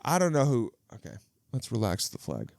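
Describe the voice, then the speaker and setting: A man's voice: medium pitch, normal speed, dry recording. Rambling, profane man in his thirties. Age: 30s. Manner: rambling, profane, animated with frequent restarts. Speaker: podcast host. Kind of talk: casual comedic monologue. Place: outdoors near water. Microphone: video podcast camera setup.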